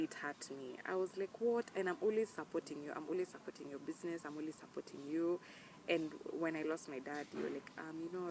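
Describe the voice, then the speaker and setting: This young Kenyan woman has a low, somewhat dark voice, captured in a low-quality recording with slight background noise. Speaking to camera in a casual vlog, she's earnest and emphatic, sprinkling Swahili slang into her heartfelt talk.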